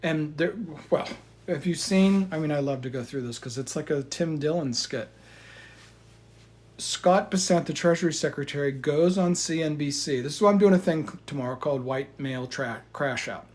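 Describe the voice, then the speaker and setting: A man giving heated, profane market commentary, swinging between loud outbursts and quiet asides. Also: a little high, normal speed. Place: indoors in front of a chart.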